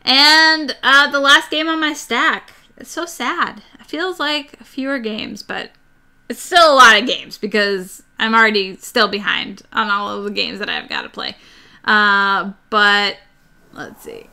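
A young woman chatting casually and excitably about board games on her live stream, rambling with fillers. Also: a little high, measured pace.

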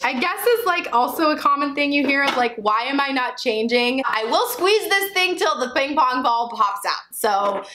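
A young woman, a birth educator, talking through a hands-on demonstration in an excited, laughing way, sometimes straining with effort. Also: high-pitched, normal speed, hardly any pauses, rough recording. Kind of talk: demonstration vlog.

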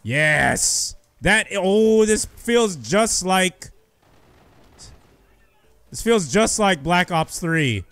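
A young man giving excited live commentary over his own gameplay, shouting and cheering when he gets kills. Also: high-pitched, drawn-out words, pauses often, no echo. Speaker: gaming youtuber.

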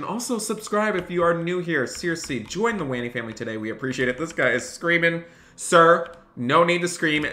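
A man's voice: medium pitch, a bit bright. A man streaming a game live, cheerfully thanking donors and barking mock police orders as he role-plays a cop. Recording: echoey room, faint noise.

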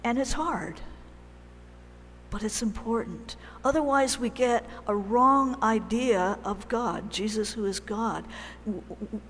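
Slow-speaking woman preaching in a church. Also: medium pitch, long reverb tail, a little hiss or hum. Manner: conversational, animated storytelling with pauses. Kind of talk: sermon.

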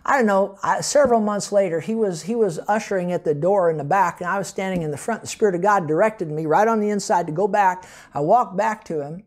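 A man preaching a sermon as pastor, telling personal testimony stories with emphasis and occasional laughter. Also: high-pitched. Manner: storytelling, emphatic, laughs between points.

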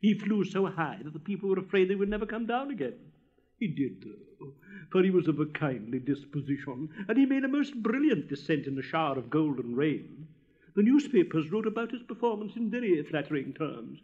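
A man narrating a fairy tale in a measured storybook reading. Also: mid-range voice, animated, darkish tone, muffled recording.

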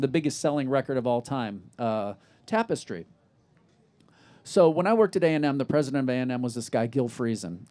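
Middle-aged man, warm low-edged tone, lively anecdotes, acts out quoted dialogue. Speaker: interview guest. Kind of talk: storytelling in a live festival interview. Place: outdoor festival stage.

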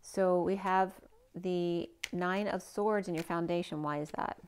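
A woman reading tarot cards aloud in a casual way, thinking out loud and asking the cards questions as she goes, her voice a little hoarse. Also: on the low side, fairly even intonation, measured pace, a little hiss or hum. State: a bit hoarse, losing her voice. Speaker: tarot card reader.

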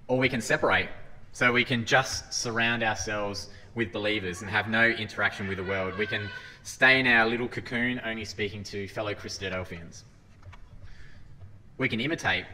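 An earnest man preaches a sermon, reading scripture aloud and often restarting his phrases. His voice sits a little low yet sounds bright and forceful. It carries a long hall reverb over a faint room hum. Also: fairly even intonation, brisk. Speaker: lay preacher. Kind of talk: sermon talk.

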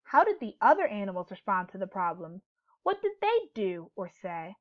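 A woman teacher giving a read-aloud lesson to young children, speaking clearly and gently and asking questions as she goes. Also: medium pitch, sing-song, normal speed, highs cut off.

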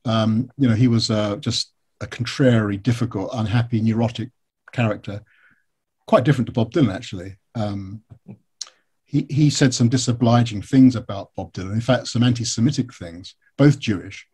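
English author with a mellow, husky voice. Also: male voice, lowish voice, moderate pace. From England. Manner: candid, storytelling, frequent fillers. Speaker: biographer and author guest. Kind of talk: conversational interview answers.

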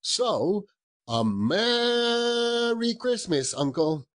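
A man's voice: extremely high pitch, sing-song, extremely slow, pitched above the performer's own voice, exaggerated voice. A man doing an earnest cheerful young nephew. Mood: pleading. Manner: earnest, pleading, with soft laughs. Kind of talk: audiobook character voice.

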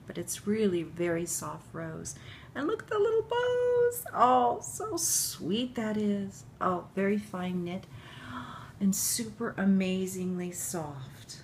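A middle-aged woman unboxing handmade baby clothes for her video channel, gushing and tearful, often dropping to a breathy whisper. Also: on the low side, a little hiss or hum. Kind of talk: emotional unboxing chat to camera.

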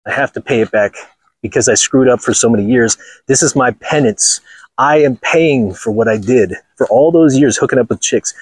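A man's voice: medium pitch, normal speed, husky, no room sound, low-quality recording. A man from Los Angeles, hosting a blunt, crude vlog rant while walking outdoors on a golf course. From Los Angeles, USA. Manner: blunt, crude and mocking, laughs often. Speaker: channel host.

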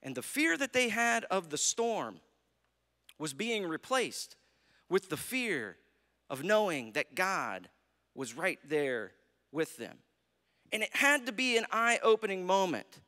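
An American man preaching in a church, telling the story with feeling and often checking in with "right?". His voice sits high and swings widely. It rings with a long reverb from the sanctuary. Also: sing-song, slow, bright, forceful tone. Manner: storytelling preacher, acts out quotes, asks "right?". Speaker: pastor. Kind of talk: sermon.

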